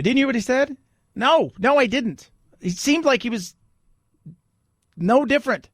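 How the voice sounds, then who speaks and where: A man's voice: extremely high pitch, expressive, normal speed, pauses often, a bit bright, breathy edge, dry recording, clean studio sound. A man hosting a talk radio show, delivering an opinionated monologue with sarcastic, mocking asides.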